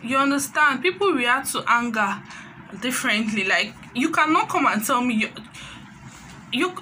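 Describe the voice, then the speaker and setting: A woman with a Nigerian accent chatting through a casual gossip recap of a reality show, animated and sprinkling in Pidgin phrases. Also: fairly high pitch, normal speed, noisy background.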